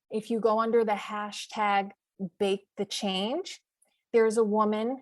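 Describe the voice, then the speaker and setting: A middle-aged woman from the US East Coast talks as a podcast guest in an eager, chatty way, piling up examples and filling pauses with "you know" and "uh". Her voice sits at a medium pitch. The recording is dry and close, with no room sound. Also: darkish tone, no room sound. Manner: chatty, enthusiastic, lists examples with frequent fillers. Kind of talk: casual interview chat.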